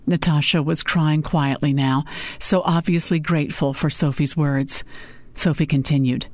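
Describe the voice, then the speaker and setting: A woman narrating a novel in a steady storytelling manner. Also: deep voice, normal speed, dry recording. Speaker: audiobook narrator. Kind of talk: scripted narration.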